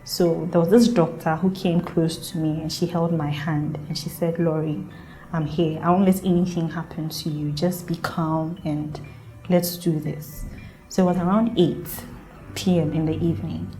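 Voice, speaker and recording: A woman's voice: low-pitched, fairly even intonation, moderate pace, dark tone, soft background music. A young woman from Ghana telling her own birth story in an earnest, emotional way and acting out the people she quotes. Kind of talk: personal storytelling.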